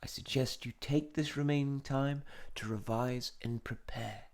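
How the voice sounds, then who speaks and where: A man voicing an elderly male wizard examiner who speaks in a formal, measured way and sometimes drops to a whisper, as he reads game dialogue aloud. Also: mid-range voice, steady tone, a little mellow, pitched above the performer's own voice, lightly acted.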